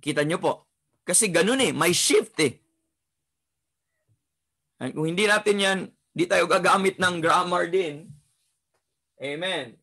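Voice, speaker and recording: Slow, bright-voiced Filipino Bible teacher. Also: male voice, sits high. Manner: switches between English and Tagalog, emphatic and repetitive.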